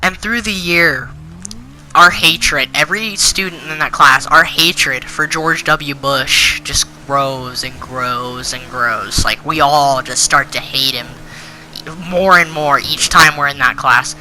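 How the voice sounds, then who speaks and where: A man's voice: on the high side, slow, sharp tone, a little hiss or hum, poor audio. A teenage boy telling a school story in an indignant, rambling way, full of fillers. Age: teens. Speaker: channel host. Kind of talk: storytime rant.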